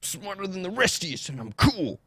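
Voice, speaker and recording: A smug, hot-tempered man shrieks insults in a high, shrill voice, as a podcast host puts him on. Between outbursts he drops into a nasal, self-satisfied gloat, his pitch swinging widely throughout. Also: very animated, brisk, sharp tone, breathy edge, no room sound, studio quality, full character voice.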